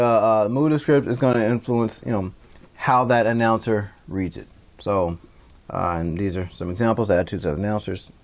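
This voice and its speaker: A low-voiced man gives a relaxed classroom lecture over a livestream. He rambles, restarts sentences and fills pauses often, speaking in an easygoing, conversational way. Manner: loose and rambling, many fillers and restarts. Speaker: instructor.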